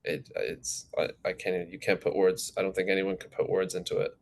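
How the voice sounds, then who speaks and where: Low, flat-voiced teenage man. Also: fairly quick, vocal fry. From New Jersey, USA. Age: teens. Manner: relaxed, rambling with many fillers. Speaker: goalkeeper guest. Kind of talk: casual interview answers.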